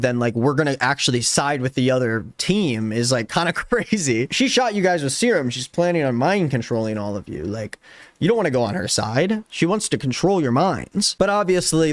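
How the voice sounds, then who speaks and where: A man in his twenties recapping a novel in a casual vlog, sarcastic and animated, slipping into mock voices and laughing as he goes. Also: fairly high pitch, no echo, clean studio sound. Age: 20s. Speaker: book vlogger.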